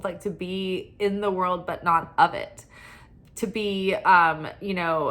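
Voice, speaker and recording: A tarot reader offers spiritual guidance, rambling earnestly and filling her speech with fillers. Her voice is medium in pitch with a fairly bright tone.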